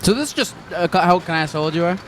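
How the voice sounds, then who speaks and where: A man's voice: high-pitched, lively intonation, very fast, fairly bright tone, a little hiss or hum. A man casually interviewing strangers on a city street, asking blunt, curious questions and swearing freely. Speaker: street interviewer playing a gecko.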